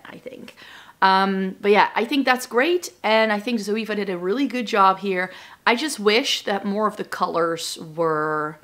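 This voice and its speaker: Woman, slightly raspy recovering voice, chatty, rambling, casual talk to camera. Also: fairly low pitch. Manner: chatty, rambling, thinking aloud. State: recovering from lost voice, a little raspy. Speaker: beauty vlogger.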